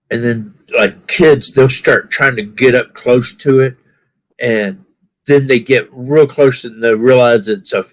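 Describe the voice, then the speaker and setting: A man in casual podcast chat, telling relaxed, rambling anecdotes with fillers. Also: mid-range voice, dry recording, rough recording. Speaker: podcast panelist.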